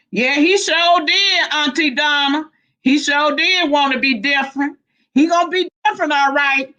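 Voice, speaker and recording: A woman's voice: high-pitched, normal speed, bright, forceful tone, rough recording. A woman hosting a casual livestream, laughing often as she greets viewers by name and reads their comments. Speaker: livestream host.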